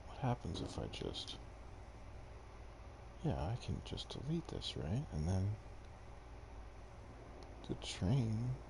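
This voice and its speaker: A man's voice: on the low side, vocal fry, noisy background. A young man streaming gameplay to a desk mic, chatting casually with viewers in a rambling, self-deprecating way. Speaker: game streamer. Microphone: desk microphone.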